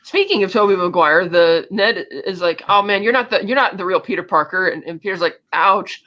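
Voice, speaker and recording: A high, bright-voiced man who talks fast and rattles through a movie plot in a casual review chat, slipping into quick impressions of the characters as he goes. The sound is dull and lo-fi. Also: expressive. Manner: rapid plot recap acting out characters' lines. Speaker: podcast co-host.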